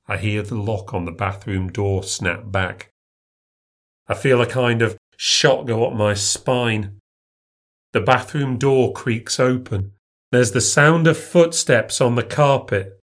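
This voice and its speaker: Slow-reading male storyteller. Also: mid-range voice. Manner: measured, tense storytelling. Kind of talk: first-person ghost story reading.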